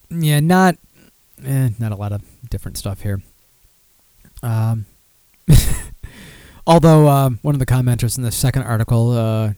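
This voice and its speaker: A man's voice: mid-range voice, a little mellow, dry recording. Rambling man hosting a beer podcast. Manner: rambling, self-deprecating, with many fillers and restarts. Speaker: podcast host. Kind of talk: casual solo beer podcast talk.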